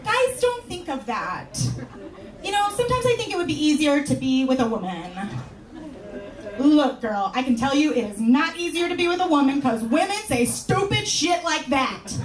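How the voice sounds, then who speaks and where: A woman from California performing a stand-up comedy set on a club stage, with wry, deadpan asides and sudden high exclamations. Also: normal speed. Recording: roomy club sound from far off.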